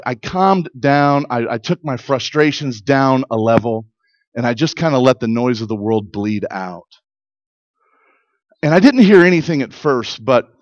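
A man's voice: mid-range voice, dry recording, dull audio. A middle-aged pastor preaching in an earnest, conversational way, often restarting his sentences and building to emphatic peaks. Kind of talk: sermon.

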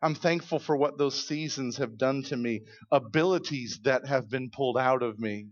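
A man preaching to his church in a middle-pitched voice, retelling scripture with lively, acted-out storytelling. The sound is slightly dull and muffled. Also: moderate pace. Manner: animated storytelling, acting out voices. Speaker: pastor. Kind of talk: sermon.

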